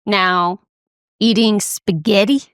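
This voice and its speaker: A woman's voice: medium pitch, fairly even intonation, takes it slowly, smooth, no echo, studio quality. A young woman co-hosting a podcast, chatting casually and explaining things with enthusiasm. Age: young adult. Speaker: podcast co-host. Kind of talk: casual chat.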